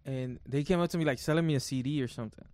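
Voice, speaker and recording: A man's voice: mid-range voice, racing, warm tone, no room sound, clean studio sound. A man co-hosting a podcast, telling stories in a rambling, self-correcting way. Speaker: podcast co-host. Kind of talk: casual chat.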